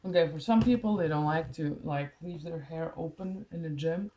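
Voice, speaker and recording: A woman's voice: sits low, normal speed, mellow, roomy sound, poor audio. A young woman chewing gum, chatting casually and apologetically through an unscripted hair tutorial at home. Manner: chatty, apologetic, rambling with fillers. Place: home room in front of a mirror.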